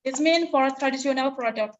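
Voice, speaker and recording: A woman's voice: high voice, fairly quick, a little hiss or hum. A woman asking a lecturer questions over a video call, hesitant and apologetic, repeating herself. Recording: dull lo-fi video call audio.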